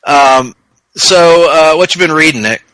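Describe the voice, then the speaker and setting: A man with a bright, forceful voice cohosts a casual comic book podcast. He rambles and jokes, riffing into silly tangents. The sound is dry and close to the mic. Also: a little high, measured pace, no echo, rough recording. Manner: joking, rambling, riffs into silly bits. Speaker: podcast co-host.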